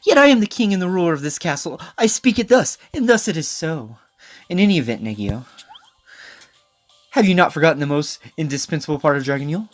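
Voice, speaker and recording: A man putting on a vain young king who booms every line with lofty, theatrical pride. The voice sits a little higher than plain talk and swings widely in pitch. Soft game music plays behind him. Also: sing-song, a little fast. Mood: haughty. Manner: grand, booming, theatrical delivery. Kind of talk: reading game dialogue aloud in voices.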